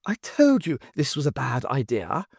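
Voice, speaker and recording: A woman's voice: very deep voice, huge pitch swings, normal speed, creaky, a little mellow, breathy edge, no echo, studio quality, full character voice. Woman reader as a complaining male chaplain, whiny and glum. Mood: moaning. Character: gloomy moaning male chaplain.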